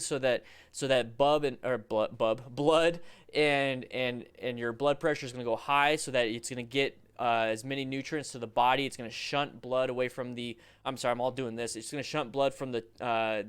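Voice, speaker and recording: A man coaching motorcycle riders over a livestream, commenting on riding videos in an animated, joking, rambling way with restarts. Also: mid-range voice, smooth.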